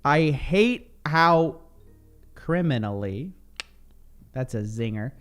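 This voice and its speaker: A man's voice: mid-range voice, lively intonation, slow, fairly bright tone, soft background music. A man hosting a podcast in casual, earnest chat, often saying "dude". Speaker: podcast host.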